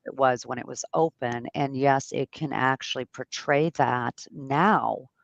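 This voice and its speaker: A host in a casual interview chat, relaxed and chatty, with lots of "you know". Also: medium pitch, measured pace, vocal fry, no room sound. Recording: dull, dry sound.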